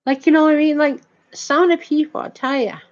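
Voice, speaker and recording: A woman's voice: high voice, fairly even intonation, fast. A woman telling a long, indignant story in a rambling way, with many restarts, swearing and "you know what I mean" tags. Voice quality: heavy swearing, nonstandard grammar. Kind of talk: casual storytelling rant. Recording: dull lo-fi audio.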